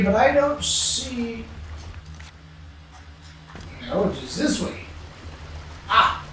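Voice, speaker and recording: Slow, musing gamer in an echoey room. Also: medium pitch, fairly bright tone, far from the mic. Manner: musing, mutters to self, hums. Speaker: let's play gamer. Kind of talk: casual gameplay commentary. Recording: very echoey room, off-mic, faint hiss.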